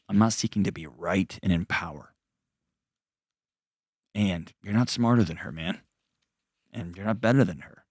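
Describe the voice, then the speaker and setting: A man's voice: on the low side, no room sound. Middle-aged man, radio-show advice host, earnest and down-to-earth, dry close mic. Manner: earnest, plainspoken counsel with folksy asides.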